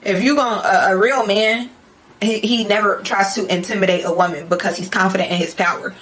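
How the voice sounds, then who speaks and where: A young woman vlogger telling a story in a casual, animated way, full of slang and swearing. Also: mid-range voice, a little fast. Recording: echoey room.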